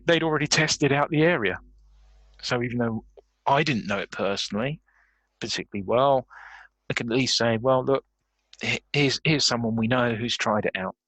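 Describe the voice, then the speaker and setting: A man's voice: mid-range voice, a bit bright, dry recording. A man, a guest in a podcast interview, talking reflectively and laughing often. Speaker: guest, career coach.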